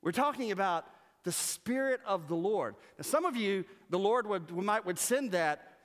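Animated high-voiced man preaching in echoey hall. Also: normal speed. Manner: animated, humorous, mimics voices. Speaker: pastor. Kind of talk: sermon. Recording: long reverb of a church hall.

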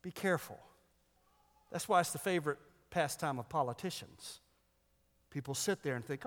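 A man delivering a sermon as a pastor, animated and joking with the congregation. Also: on the high side, normal speed, pauses often, big-room sound.

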